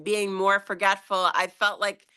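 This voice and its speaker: A woman's voice: mid-range voice, level tone, a little slow, bright, forceful tone, clear, resonant tone. A woman in a casual group chat on a video call, talking freely with fillers and laughter. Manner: chatty, frequent laughs and fillers. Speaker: meeting participant.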